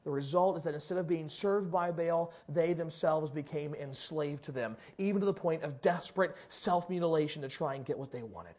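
A man preaching a sermon, acting out the people in the story and swinging from loud exclamations to hushed, drawn-out lines. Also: a little high. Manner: dramatic, voices characters, swings from loud to hushed. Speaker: pastor.

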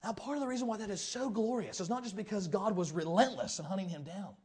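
Male preacher, high, quick delivery, acts out the quotes. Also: husky. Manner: animated, acts out quoted voices. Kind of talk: sermon storytelling.

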